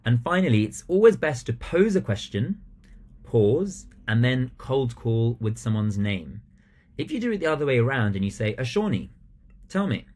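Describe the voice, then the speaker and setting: A man giving a recorded training talk to teachers, animated and acting out the phrases he would use in class. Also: lowish voice. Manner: animated, acts out classroom phrases with changing emphasis.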